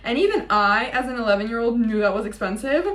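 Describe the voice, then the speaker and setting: A woman's voice: fairly high pitch, quick pace, fairly bright tone. A young woman vlogging in a casual, confessional way, chatty and self-mocking, swearing freely. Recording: echoey room with faint ambient noise.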